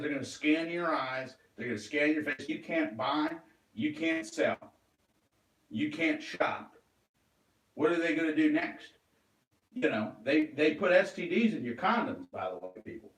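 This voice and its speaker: A man talking in an agitated, rambling monologue, swearing and flaring into loud outbursts. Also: fairly high pitch, recorded from a distance. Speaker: vlogger. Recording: roomy echo, away from the mic.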